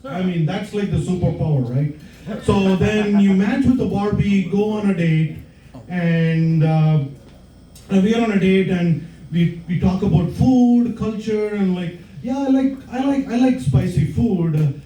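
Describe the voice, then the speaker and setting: A man in his forties doing a stand-up set with a halting delivery full of fillers, from India. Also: sits high, warm tone, a little hiss or hum. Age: 40s. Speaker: stand-up comedian. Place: comedy club stage. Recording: echoey room from far off.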